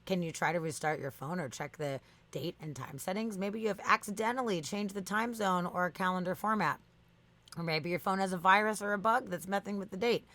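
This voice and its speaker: A woman voicing a self-righteous chatbot that lectures in a low, firm tone. It talks in insistent, repeating lists and never gives ground. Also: brisk, fairly bright tone, natural voice. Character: stubborn defensive chatbot, machine, self-righteous.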